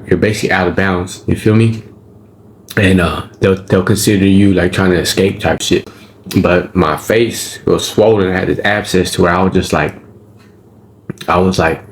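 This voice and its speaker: A man with a low-pitched voice tells the story of his time in prison in casual, profane street slang. He checks in with his listener as he goes, frequently asking "right?" and "you feel me?" There's slight background noise.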